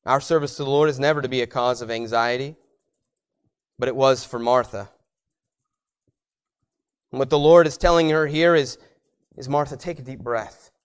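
A man preaching a sermon as pastor, rising to loud emphatic peaks and dropping to quiet low asides, repeating words as he builds his points. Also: normal speed, pauses often, clear, resonant tone.

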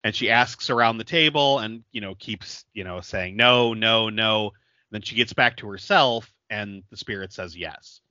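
A man's voice: fairly low pitch, moderate pace, pushed and bright, no echo, highs cut off. A man co-hosting a podcast, recapping a film in casual chat, laughing often and filling his talk with "like". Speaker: podcast co-host.

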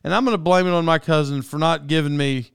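A man's voice: on the high side, fast talker, creaky, a bit bright, smooth, no echo, studio quality. A middle-aged man telling a casual personal anecdote, rambling and self-mocking, with lots of fillers and chuckles. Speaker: storyteller.

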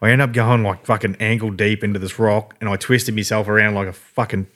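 A man's voice: lowish voice, flat delivery, fairly quick, a bit bright. Swearing Australian man telling yarns. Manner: swears constantly, rambling storytelling with laughter. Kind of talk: casual podcast chat.

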